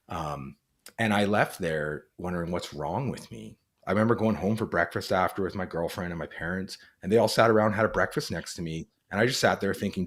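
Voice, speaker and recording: A man speaking as an interview guest, earnest and reflective, often using "like" as a filler. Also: sits low. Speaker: guest, former police officer and author. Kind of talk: conversational interview.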